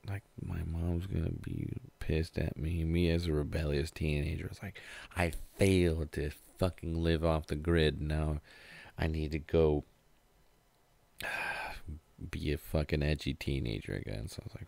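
A young man with a very low, gravelly voice tells a rambling story in a laid-back way, swearing freely. The recording is close and dry, with no room sound. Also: a little slow, no room sound. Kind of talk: casual storytime.

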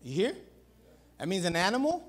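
At a normal speed and with a breathy edge to his voice, a man preaches with animation, calling out to the people in the pews. He alternates booming calls with soft, low emphasis and repeatedly uses "watch this" and "guys."

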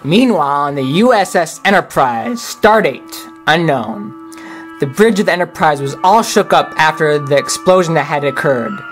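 A woman's voice: low voice, lively intonation, normal speed, faint music behind, poor audio. A woman narrating a homemade fan audio story in a casual reading style with small stumbles.

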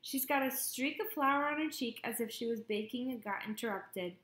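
A woman's voice: fairly high pitch, normal speed. Woman reading an audiobook in an echoey room. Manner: wry, lively storytelling. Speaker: audiobook narrator. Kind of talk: scripted first-person narration.

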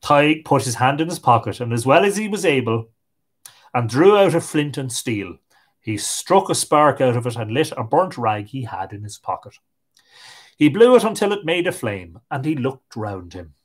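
Expressive Irish male storyteller. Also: medium pitch, normal speed. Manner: lilting expressive reading aloud. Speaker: host and storyteller. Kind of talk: live-streamed folk tale reading.

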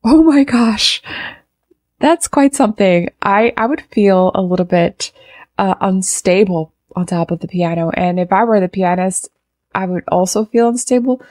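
A woman's voice: medium pitch, moderate pace, a little mellow, dry recording, clean studio sound. A woman vocal coach reacting to a performance, analyzing technique and singing short phrases to demonstrate. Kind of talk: reaction video commentary.

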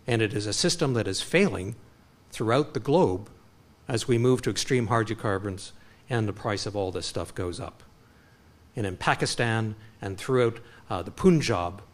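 A middle-aged man from Canada giving an impassioned public lecture, with frequent restarts and animated delivery. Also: fairly low pitch. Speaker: guest speaker.

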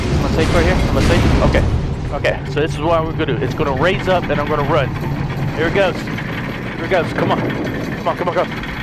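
A man giving frantic gaming commentary, swearing and yelling in panic, repeating himself as he plays. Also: fairly high pitch, fast, heavy background noise. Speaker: video game let's player. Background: game music.

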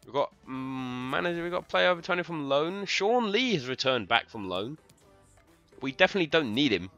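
A young man from London with a London English accent, chatting excitably to viewers and swearing freely while commentating his own football game. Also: fairly high pitch, normal speed, dull audio, faint music behind. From London, England. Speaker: gaming streamer. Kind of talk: live gameplay commentary.

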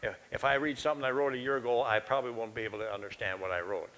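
Bright-voiced older man preaching folksy sermon. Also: mid-range voice, very fast, rough recording. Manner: folksy, conversational, self-deprecating. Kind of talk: storytelling sermon. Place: church.

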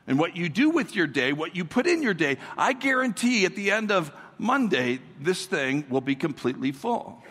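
A man with a notably high, slightly husky voice preaches as a guest pastor, energetic and full of repetition. He keeps calling on the congregation to answer him. His words ring out with a long reverb through a large church hall. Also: normal speed, hardly any pauses. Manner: energetic, calls for congregation responses, repeats words. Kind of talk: sermon.

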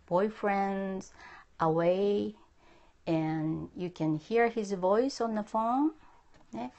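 A woman teaching a live-streamed language lesson. She speaks slowly and patiently, repeating words for her viewers, with a gravelly edge to her voice. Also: on the low side. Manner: patient, repeats phrases, mixes English and Japanese. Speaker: Japanese teacher. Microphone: phone.

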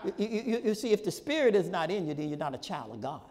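Man preaching in church, fairly high voice that swings all over, long hall echo. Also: very animated, fast talker. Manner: folksy, repetitive preaching with shouted peaks and laughs. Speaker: pastor. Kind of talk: sermon. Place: church sanctuary.

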